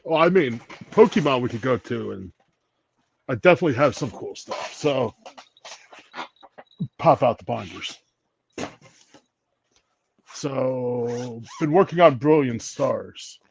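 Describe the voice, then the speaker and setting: A man's voice: medium pitch, lively intonation, slow pace, creaky, pauses often, dull audio, slight background noise. A man chatting on a livestream as co-host, dry and blunt, swearing casually.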